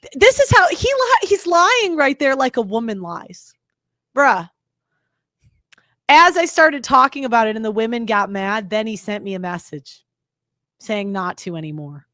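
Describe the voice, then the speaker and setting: A woman hosting a commentary show, talking in an emphatic, exasperated way with halting restarts. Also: fairly high pitch, expressive, pushed and bright, no room sound, clean studio sound. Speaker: commentary host reacting to clips. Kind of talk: casual reaction commentary.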